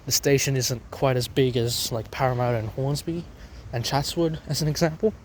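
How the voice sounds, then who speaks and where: A man's voice: mid-range voice, moderate pace, slight background noise. A young Australian man vlogging about trains, rambling outdoors on a station platform with fillers and restarts, a lozenge in his mouth. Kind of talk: casual walking commentary.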